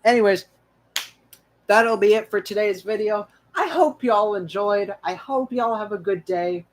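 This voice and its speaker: A man's voice: high voice, unhurried, slight background noise. A young man hosting a history channel, wrapping up an episode in rambling casual chat full of restarts and fillers. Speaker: channel host.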